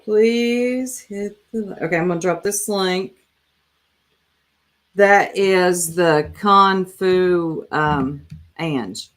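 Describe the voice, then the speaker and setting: A woman's voice: fairly low pitch, extremely slow. A woman hosting a casual live reaction stream, chatting and talking straight to her viewers. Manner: chatty, addresses viewers directly.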